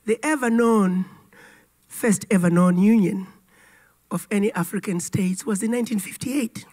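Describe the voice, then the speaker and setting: Woman keynote speaker, raspy and hoarse from a cold, measured and formal, mid-pitched. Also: warm tone. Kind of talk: formal address to an audience.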